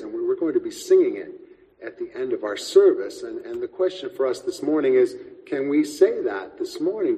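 A man preaching a sermon as pastor, measured and reflective, often restarting words as he speaks. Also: medium pitch, lively intonation, dark tone, in a large hall, rough recording.

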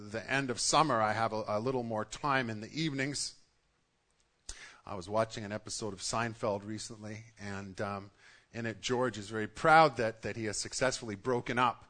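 A man's voice: fairly low pitch, fairly bright tone. A middle-aged man preaching a sermon to his congregation in a conversational way, often restarting his sentences. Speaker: pastor.

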